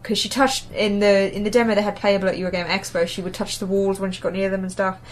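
An English woman with a light Essex edge co-hosts a relaxed chat about video games. She talks in a rambling, hesitant way, restarting sentences and filling gaps with ums. A faint noise sits under the recording. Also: mid-range voice, fast. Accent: Essex-tinged English. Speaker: podcast co-host. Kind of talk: casual gaming chat.

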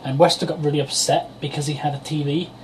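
A man's voice: fairly high pitch, flat delivery, quick pace, slight background noise, rough recording. A man, co-hosting a casual podcast chat, rambling and joking, swearing freely. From Europe. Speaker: podcast co-host.

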